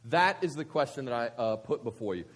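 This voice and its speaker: Lively husky-voiced man preaching. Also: mid-range voice, a little fast. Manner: animated, conversational, frequent rhetorical questions. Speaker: pastor. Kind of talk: sermon. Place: church service.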